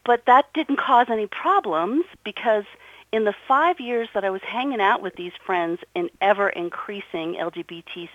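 A woman's voice: medium pitch, dry recording. A middle-aged woman from New Jersey, a guest and author, telling her story earnestly and with emphasis in an interview. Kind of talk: conversational interview. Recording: dull, muffled audio.

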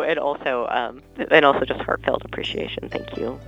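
A woman journalist on a podcast, talking in an animated, effusive way and laughing a lot. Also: a bass voice, normal speed, gravelly, highs cut off. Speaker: radio journalist, podcast guest. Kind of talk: casual interview chat.

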